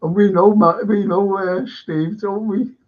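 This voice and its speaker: A man's voice: high-pitched, fairly even intonation, a little slow. A man hosting a casual talk show, rambling with restarts and reading viewer comments aloud. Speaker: host. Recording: dull lo-fi sound.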